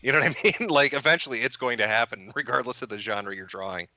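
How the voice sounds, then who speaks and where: A man's voice: medium pitch, animated, quick pace, bright, forceful tone, dry recording. A man in casual chat as an online video commentator, rambling and swearing with many restarts. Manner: rambling, profane, frequent restarts.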